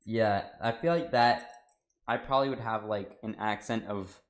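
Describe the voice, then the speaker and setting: A fairly low-pitched American man on a livestream, talking casually to his chat as he cooks in his home kitchen. He rambles from one thought to the next and drops "dude" often. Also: moderate pace. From United States. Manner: talks to chat while cooking. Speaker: cooking livestreamer.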